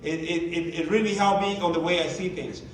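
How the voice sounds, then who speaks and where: A man's voice: fairly high pitch, steady tone, brisk. A man presenting a motivational workshop to a live group, talking in a conversational, emphatic way and asking many rhetorical questions. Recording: echoey room, mic at a distance.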